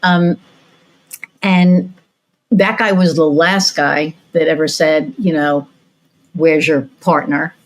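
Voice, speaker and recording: A woman with a somewhat low voice hosts a relaxed podcast conversation. She rambles through her stories, circling back with fillers and false starts as she goes. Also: slow pace, long pauses, low-quality recording. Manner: rambling storytelling with many fillers and restarts. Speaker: podcast host. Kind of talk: casual interview chat.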